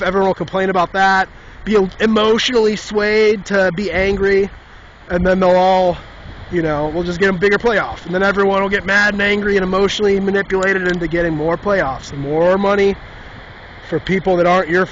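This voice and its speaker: A man's voice: sits high, a bit bright, highs cut off, a little hiss or hum. A man hosting a podcast in a casual, exasperated and sarcastic rant, with lots of "like" and "dude". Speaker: podcast host. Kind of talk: casual ranting monologue.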